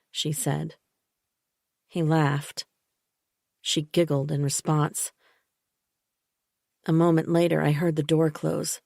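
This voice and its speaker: Slow, low-voiced woman narrating a thriller. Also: flat delivery, creaky, darkish tone, no echo, clean studio sound. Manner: measured, unhurried. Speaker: audiobook narrator. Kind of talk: first-person thriller narration.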